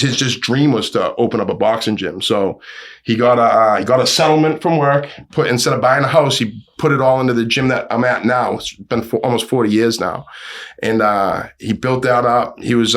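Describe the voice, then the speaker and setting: A man, a podcast guest and boxing gym owner, telling stories in a profane, animated way. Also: medium pitch. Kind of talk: casual storytelling.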